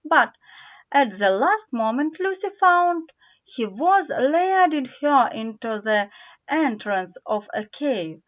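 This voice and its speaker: Slow, careful woman storybook reader. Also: high-pitched, sing-song, dull audio. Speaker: audiobook reader. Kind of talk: storybook narration.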